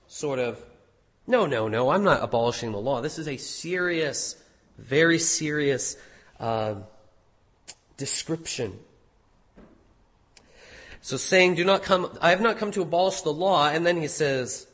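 A man's voice: on the high side, fairly bright tone, slightly rough. A man preaching an expository sermon, earnestly teaching a passage with emphatic rises. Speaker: pastor. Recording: reverberant hall.

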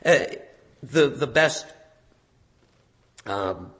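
A man preaching a sermon in a conversational way, correcting himself at times and stressing words with animated emphasis. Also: medium pitch, drawn-out words.

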